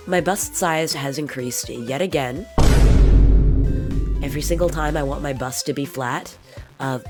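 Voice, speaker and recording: A woman streamer chatting casually with her viewers, her voice low and hoarse from illness. She banters playfully and teases chat back, jumping between topics. Faint music plays in the background. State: hoarse, sick voice. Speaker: virtual streamer.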